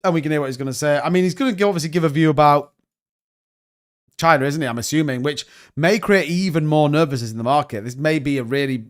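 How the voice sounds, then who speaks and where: A man's voice: fairly high pitch, fast talker. A man hosting a casual livestream, joking and bantering as he reads out chat comments. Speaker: crypto livestream host.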